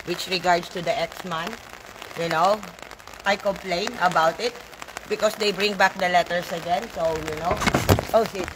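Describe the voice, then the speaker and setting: A woman's voice: lowish voice, fairly even intonation, normal speed, background noise. A woman vlogging outdoors in the rain, talking to herself, grumbling and swearing now and then. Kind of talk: casual vlog outdoors.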